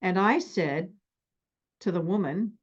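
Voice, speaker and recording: A middle-aged woman therapist teaching relationship skills and acting out stories from her life in an animated, extroverted way. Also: lowish voice, slow pace, husky, lo-fi sound. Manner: animated, extroverted, acts out anecdotes.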